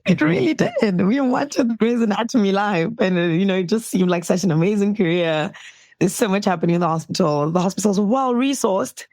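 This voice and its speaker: A young woman doctor originally from South Africa talks about her route into medicine as an interview guest at home. With a mid-range voice and a brisk pace, she's warm, laughs often, and animates her quotes. There's no echo.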